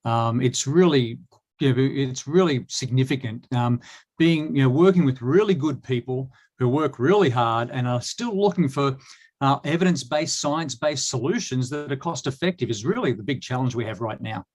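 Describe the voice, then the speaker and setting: A man's voice: medium pitch, lively intonation, normal speed, a little mellow. A middle-aged Australian man talking as a guest in a casual online chat, hesitant with many fillers and restarts. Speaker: guest, cleaning industry expert.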